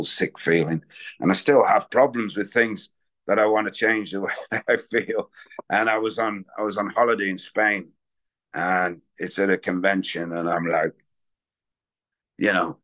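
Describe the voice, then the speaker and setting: A man's voice: sits low, fairly even intonation, normal speed, fairly bright tone. A man speaking candidly and in a rambling way at a recovery meeting, sharing his own story. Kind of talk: personal recovery share.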